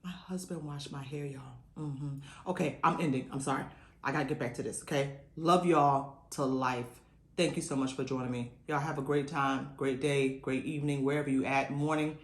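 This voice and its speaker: A woman vlogger chats casually to the camera while eating, talking with her mouth full, humming over the food and saying "y'all" a lot. Her voice is extremely low and fairly even in intonation, with a brisk pace and a reverberant sound. Her manner is folksy.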